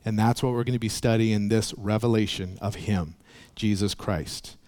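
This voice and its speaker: A man's voice: fairly low pitch, steady tone, moderate pace, darkish tone. A male pastor preaching a sermon, telling stories in an earnest way and acting out the voices in them. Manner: storytelling with acted voices, earnest.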